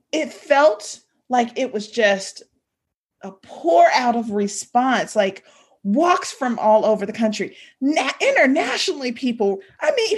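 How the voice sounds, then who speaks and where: A woman's voice: sits high, husky. A woman in her forties, a social worker and mother, telling a personal story with feeling and faith references.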